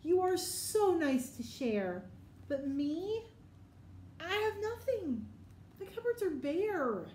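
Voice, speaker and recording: A woman reading as a gentle, wistful bear. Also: very high voice, big pitch swings, slow pace, roomy sound, a little hiss or hum, voice pushed up, exaggerated voice. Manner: wistful, sighing. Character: gentle downcast male bear.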